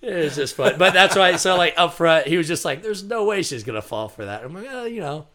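A man's voice: fairly high pitch, animated, fairly quick, crowd noise. A man telling a bartending story in casual chat, full of fillers and bursts of laughter.

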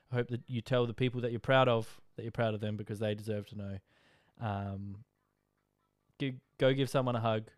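Chatty tired Australian man, smooth voice. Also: mid-range voice, darkish tone, no echo, clean studio sound. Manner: rambling and chatty, full of "like" and "um". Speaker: podcast host. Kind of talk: casual monologue update.

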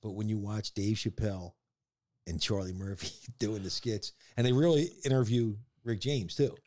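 A man's voice: fairly low pitch, moderate pace, mellow, no echo. A man co-hosting a casual podcast, telling stories and chuckling as he talks. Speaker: podcast co-host. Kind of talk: casual chat.

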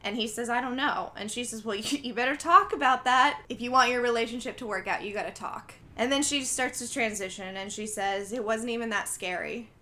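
A woman's voice: on the high side, fairly quick, few pauses. A young woman chatting casually on a podcast, retelling a film scene by scene and acting out the characters' lines. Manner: animated storytelling, acts out quoted lines. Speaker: podcast co-host recapping a film. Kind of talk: casual chat.

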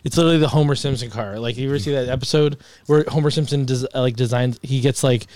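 A man's voice: medium pitch, fast, hardly any pauses, a little mellow, no echo. A man co-hosting a podcast in casual chat, rambling with lots of fillers and chuckles, speaking into a headset mic. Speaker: podcast co-host.

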